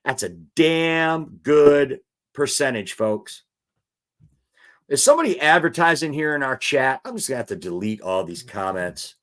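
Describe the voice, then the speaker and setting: A man's voice: mid-range voice, expressive, measured pace, fairly bright tone. A man hosting a live football show, talking casually and animatedly, and reading viewer comments aloud.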